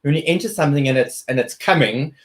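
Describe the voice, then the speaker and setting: A man's voice: a little high, quick pace. A man, a guest athlete telling his story earnestly in an interview, often restarting his sentences.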